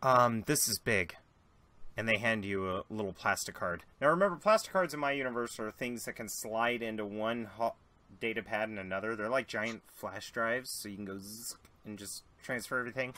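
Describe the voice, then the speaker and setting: Guy running a tabletop game, bright voice, lively and jokey. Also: on the low side, normal speed. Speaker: game master.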